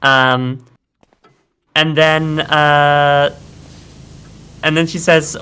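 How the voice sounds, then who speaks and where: A streamer chatting casually during a live watch-along, relaxed and amused while recapping the plot. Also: mid-range voice, very slow, pauses often, smooth. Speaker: streamer co-host.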